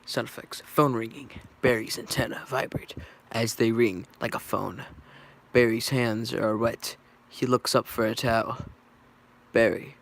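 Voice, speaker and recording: A man reading a whole script aloud in a casual, offhand way, in a mid-pitched voice typical for a man. He often trips over words and backs up to correct himself. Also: steady tone, unhurried, vocal fry, a bit bright, slight background noise. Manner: stumbling, self-correcting, offhand. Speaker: reader.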